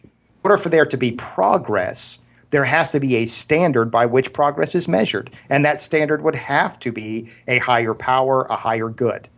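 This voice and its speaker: A man's voice: medium pitch, moderate pace, vocal fry, a bit bright. Earnest man arguing in a casual podcast. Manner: earnest, stumbling restarts, absurd analogies. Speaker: podcast co-host. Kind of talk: casual argumentative discussion.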